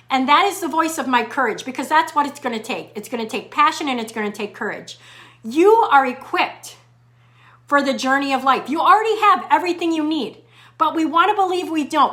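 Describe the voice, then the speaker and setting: Emphatic high-voiced woman coach. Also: bright, forceful tone. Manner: emphatic, repeats lines slowly for effect. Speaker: fitness coach and show host. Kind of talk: motivational live talk, reading viewer comments.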